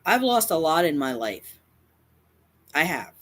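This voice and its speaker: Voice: mid-range voice, big pitch swings, a little slow. A YouTuber speaking straight to camera in a confrontational rant, defiant and emphatic, often repeating lines for effect. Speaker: cat advocacy YouTuber.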